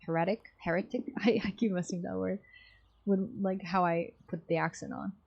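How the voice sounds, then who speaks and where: A young woman streamer talks casually into a desk microphone, breaking off from reading a game to comment on it. Her asides are chatty and self-mocking, at an easy middle pitch. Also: steady tone, moderate pace, gravelly, slightly rough, dull audio.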